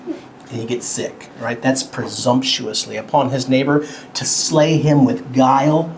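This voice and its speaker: At home, a man teaches children a Bible lesson, speaking slowly and simply in a slightly cartoonish way and asking them questions. His mid-range voice has lively intonation. The audio is poor, with slight background noise.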